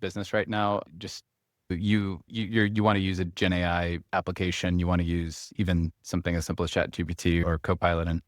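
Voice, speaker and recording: A man who is a company co-founder, talking as a podcast guest in a quick, energetic way full of restarts. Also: deep voice, dry recording, studio quality. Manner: fast, energetic talker with many restarts and "like"s. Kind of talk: casual interview chat.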